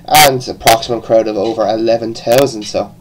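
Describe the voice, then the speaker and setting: A man's voice: on the low side, steady tone, a little fast, a little hiss or hum, rough recording. A man with an Irish accent giving a casual, rambling review, full of restarts and the odd swear word. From born in England, raised partly in Ireland. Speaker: wrestling show reviewer.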